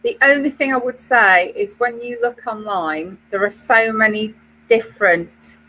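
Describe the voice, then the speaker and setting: A woman's voice: a little high, unhurried, bright, forceful tone, low-quality recording. A British woman co-hosting a knitting web show, chatting casually with many fillers and restarts. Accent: British English. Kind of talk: casual chat.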